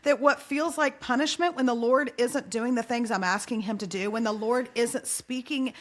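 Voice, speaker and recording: A woman in her forties, a podcast guest, telling a lively parenting story in casual conversation and acting out the people in it. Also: on the high side, normal speed. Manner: speaks of faith and parenting.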